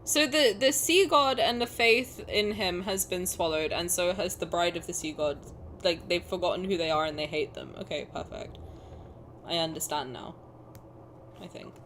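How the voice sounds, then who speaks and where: A young woman streamer giving casual, expressive gameplay commentary and swearing and joking as she plays. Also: lowish voice, moderate pace, slight background noise.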